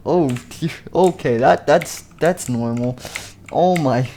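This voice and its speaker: A man's voice: mid-range voice, slow, dark tone, slight background noise. A man casually narrating a game machinima story, rambling and filling gaps with "and stuff" and "like". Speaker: video creator.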